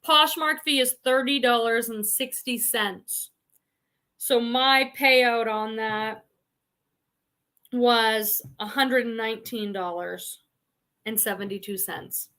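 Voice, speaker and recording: A woman's voice: a little high, pushed and bright. A woman with a Boston accent hosting a casual livestream, chatting and reading viewer comments aloud. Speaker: reseller livestream host.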